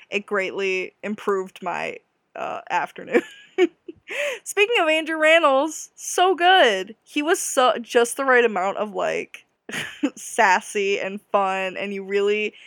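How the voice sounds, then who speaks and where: A woman's voice: medium pitch, fairly bright tone, dry recording, studio quality. A young woman hosting a casual solo podcast, gushing and giggly with self-deprecating asides. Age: young adult. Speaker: podcast host.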